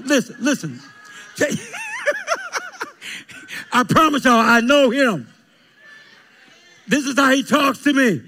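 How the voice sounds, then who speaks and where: A male preacher delivering a lively, playful sermon with call and response, joking with his congregation, in a church. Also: high voice. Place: church sanctuary.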